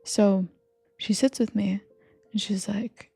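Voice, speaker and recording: A young woman rambling softly in a confiding comfort audio, partly whispered, with lots of fillers. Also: medium pitch, fairly even intonation, slow, gravelly, breathy edge, dry recording. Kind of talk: soft whispered rambling monologue. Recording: faint music behind. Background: soft background music.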